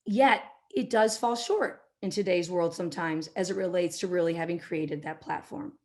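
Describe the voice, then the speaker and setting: A middle-aged woman, a marketing executive, giving a business talk and telling an anecdote, now and then acting out quotes in a softer voice. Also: fairly low pitch, normal speed. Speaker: keynote speaker, marketing executive.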